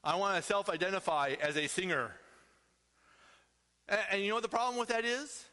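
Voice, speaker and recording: Bright-voiced pastor preaching in a reverberant hall. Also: male voice, high voice, animated, normal speed. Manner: emphatic, peppered with rhetorical "right?". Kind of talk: sermon. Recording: long reverb of a large hall.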